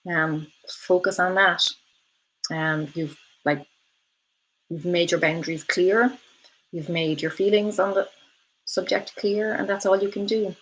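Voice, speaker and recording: A woman's voice: lowish voice, fairly even intonation, unhurried, pauses often, low-quality recording. A woman hosting a casual live stream, chatting with viewers, often saying um and laughing between thoughts. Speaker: host of a live stream, reading viewer comments.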